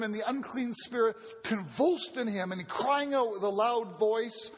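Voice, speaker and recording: A man's voice: very high voice, unhurried, husky. A male pastor preaching a sermon in an earnest teaching manner, often repeating words as he restarts. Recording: long reverb of a large hall.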